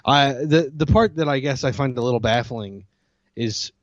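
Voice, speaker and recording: A man's voice: medium pitch, normal speed, no room sound. Dry-humored male podcast host, muffled audio. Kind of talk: casual podcast chat.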